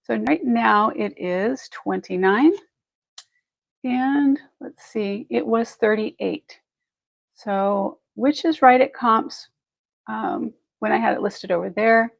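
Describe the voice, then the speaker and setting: A woman's voice: a little high, slow, vocal fry, dry recording, low-quality recording. A woman hosting a live online jewelry sale, chatty and effusive, thinking aloud as she measures pieces and thanks buyers. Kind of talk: live shopping stream chat.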